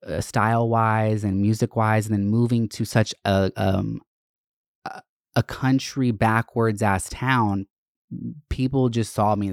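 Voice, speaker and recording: A young man with a lowish voice shares personal stories in a loose, rambling way. He is blunt and swears freely, often pausing on "um" and "like." The sound is dry and close, with no room around him. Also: a little mellow, no room sound. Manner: candid, profane, rambling with many fillers. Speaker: vlogger. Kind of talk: casual storytelling to camera.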